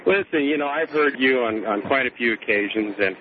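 Heartfelt trucker calling in on a phone line. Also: male voice, medium pitch, fairly quick. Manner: heartfelt, emphatic. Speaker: caller, truck driver. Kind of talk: call-in radio talk. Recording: tinny phone line with faint hiss.

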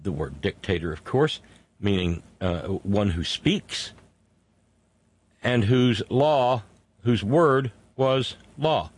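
A man hosting a political commentary monologue, indignant, stretching key words slowly for emphasis. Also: on the low side, expressive, husky. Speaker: host.

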